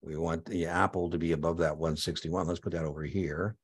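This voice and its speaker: Very deep-voiced energetic male instructor. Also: a little fast, breathy edge. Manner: energetic and conversational, punctuating points with "boom". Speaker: exam prep instructor. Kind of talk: live online lecture.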